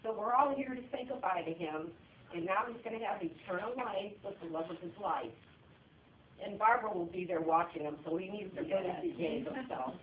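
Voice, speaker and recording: A woman giving a funeral eulogy, sharing personal memories in a conversational way with pauses and restarts. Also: medium pitch, slight background noise. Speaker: eulogy speaker. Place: funeral service room. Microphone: phone recording from the audience. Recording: echoey room, distant tinny phone audio.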